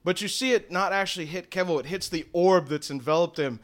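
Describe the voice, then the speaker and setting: Young male game master narrating. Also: sits high. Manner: descriptive, with filler pauses.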